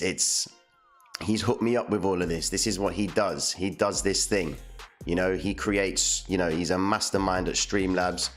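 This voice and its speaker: A man chats loosely on a live stream, hyped and full of slang, looping his own phrases. His voice sits very low, and a condenser mic picks him up close. Faint music plays behind him. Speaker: livestream host. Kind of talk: casual live-stream chat.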